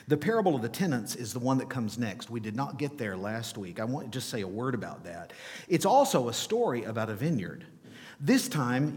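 A man preaching a sermon as pastor, animated and asking his listeners rhetorical questions. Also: mid-range voice. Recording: long reverb of a large hall.

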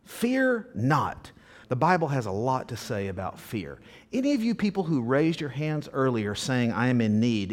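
A man preaching a sermon to his congregation in a very expressive voice that rises and falls widely. He talks conversationally and tosses questions to the listeners. When he reads scripture aloud, he acts the lines out with real drama. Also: mid-range voice. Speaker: pastor. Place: church service before a congregation.

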